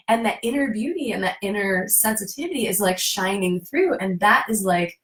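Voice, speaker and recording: An effusive woman talks in a casual interview, her voice at a middle pitch. She acts out her own quoted thoughts as she goes. The room gives her voice a roomy echo. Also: animated, a little fast, few pauses, fairly bright tone. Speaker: guest. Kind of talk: casual conversation.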